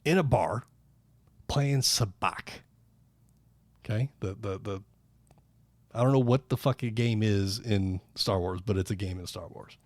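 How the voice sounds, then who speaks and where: A man's voice: lowish voice, a little slow, pauses often, darkish tone, no echo. A man co-hosting a casual podcast, telling rambling stories and swearing freely. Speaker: podcast co-host. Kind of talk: casual chat.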